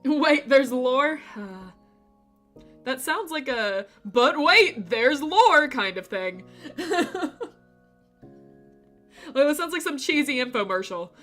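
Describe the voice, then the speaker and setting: Bright, giggly woman streamer. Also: high-pitched, lively intonation, takes it slowly, long pauses, faint music behind. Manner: giggly, laughs often between remarks; playful, rambling storyteller. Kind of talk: casual chat with live chat.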